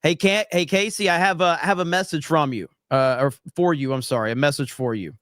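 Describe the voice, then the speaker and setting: A man's voice: a little high, fairly quick, fairly bright tone, dry recording, studio quality. A man hosting a casual livestream, reading viewer comments aloud with jokes and frequent fillers. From USA. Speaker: livestream host reading chat.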